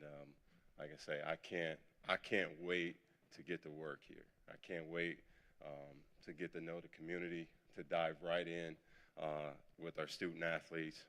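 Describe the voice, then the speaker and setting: A middle-aged man, a new head coach, speaking haltingly with many fillers at a press conference. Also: a bass voice, fairly bright tone.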